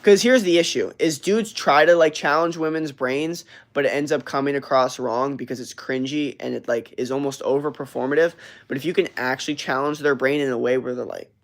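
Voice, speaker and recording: Talking a little fast in a mid-range voice, a young man runs a livestream and responds to the live chat messages he reads aloud. His casual talk is brash, profane and rambling, packed with fillers and restarts.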